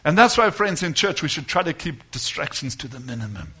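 A man preaching to his congregation in a high, bright voice. He drives his points home with loud declarations, then drops into quiet asides. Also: sing-song, fairly quick, husky. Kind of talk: sermon.

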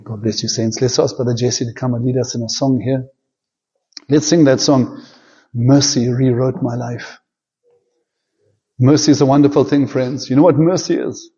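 A man preaching with fervent conviction, his mellow, darker voice climbing into loud, pleading peaks and then sinking to a near hush in prayer. The recording sounds dull and muffled, like an old church tape. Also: mid-range voice, steady tone, moderate pace, long pauses, husky. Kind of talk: sermon with altar call and prayer.

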